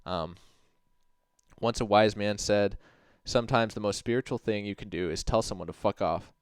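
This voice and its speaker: A man with a lowish, smooth voice hosts a casual livestream. He rambles through his points, dropping "like" into nearly every phrase and swearing freely while responding to chat. The sound is dry and close. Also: moderate pace, dry recording. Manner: rambling, heavy with "like" fillers and swearing; reads out and answers chat messages. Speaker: livestream host.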